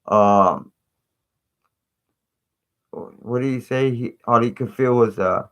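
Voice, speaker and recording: A man's voice: mid-range voice, takes it slowly, fairly bright tone. Casual male live-stream host, middle-aged, rambling conspiratorial chat.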